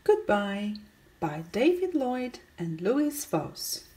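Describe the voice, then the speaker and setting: A woman's voice: medium pitch, sing-song, takes it slowly, dark tone. A woman reading a children's picture book aloud, asking her young listeners questions and calling out the characters' greetings. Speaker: storybook reader.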